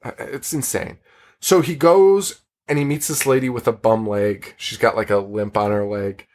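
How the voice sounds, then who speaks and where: Rambling laughing man recapping a movie. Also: mid-range voice. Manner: rambling, swears, laughs often. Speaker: podcast host. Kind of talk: casual movie recap chat.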